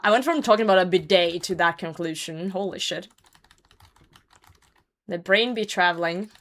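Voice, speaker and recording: A woman's voice: on the low side, moderate pace, a bit bright. A young woman streamer chatting casually while she plays, swearing and laughing often. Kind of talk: casual chat while gaming.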